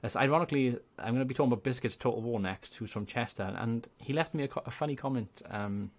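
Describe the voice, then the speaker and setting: A young man with a Welsh accent, a gaming YouTuber chatting casually and rambling through channel shout-outs. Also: medium pitch, quick pace. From Wales. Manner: chatty, rambling, laughs often.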